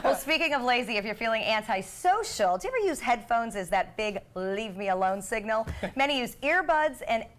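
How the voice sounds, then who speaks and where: A woman's voice: a little high, animated, brisk, hardly any pauses, a bit bright. A middle-aged woman co-hosting a daytime talk show, chatting casually and laughing often. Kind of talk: casual studio chat.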